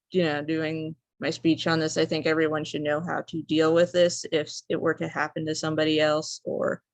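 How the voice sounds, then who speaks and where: A woman's voice: sits low, creaky, no room sound. Young woman, student speech, personal story, rambling casual delivery, dry close sound. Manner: rambling, casual, many fillers. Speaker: student speaker.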